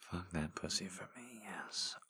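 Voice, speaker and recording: A man in a whispered role-play, giving slow, coaxing encouragement with repeated phrases in a deep, husky whisper. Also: sharp tone. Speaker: intimate audio performer.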